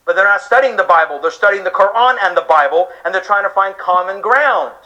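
Male preacher, high bright voice, emphatic lecture with rhetorical questions, live talk. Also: animated, fairly quick, rough recording. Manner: emphatic, rhetorical questions, acts out listeners' reactions. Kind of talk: sermon-style lecture to an audience.

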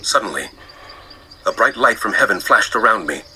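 An actor playing the apostle Paul, an earnest middle-aged man, telling his story in a measured, solemn way in a dramatized scripture reading. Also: fairly low pitch, expressive, bright, forceful tone, a little hiss or hum, low-quality recording.

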